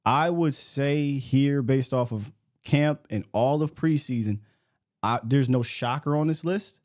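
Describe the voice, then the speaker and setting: Blunt, animated man at mid pitch. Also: a little slow. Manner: blunt, animated, slangy, reads lists aloud. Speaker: sports podcast host. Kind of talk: casual sports talk.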